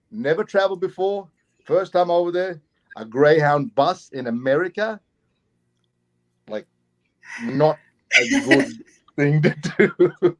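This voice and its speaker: A middle-aged man from Queensland, Australia, with an Australian accent, telling a long travel story as an interview guest, animated and given to repeating his words and chuckling. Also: fairly high pitch, muffled recording. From Doomadgee, Queensland, Australia. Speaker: guest actor and festival promoter.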